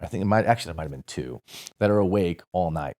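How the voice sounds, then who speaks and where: A man's voice: low-pitched, expressive, quick pace, a little mellow. A man in his forties from St. Louis, a podcast guest telling a rambling, profane story in a casual way and correcting himself as he goes. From St. Louis, USA. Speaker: podcast guest, former Marine.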